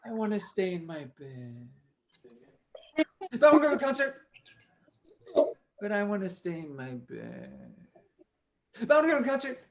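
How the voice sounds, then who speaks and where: A man's voice: high-pitched, huge pitch swings, moderate pace, vocal fry, very noisy, full character voice. A man voicing Clara, a silly, hyper little clarinet girl who gets very sleepy. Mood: sleepy whining.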